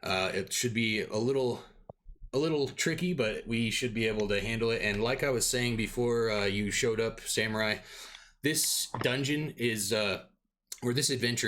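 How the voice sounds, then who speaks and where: A man's voice: on the low side, moderate pace, a bit bright, a little hiss or hum. A young man running a tabletop game, chatting casually and upbeat with many fillers. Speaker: game master.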